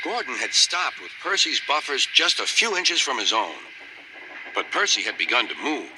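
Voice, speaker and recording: An older man narrating a children's story in a wry, expressive storytelling manner. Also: mid-range voice, normal speed, background noise. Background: loud music.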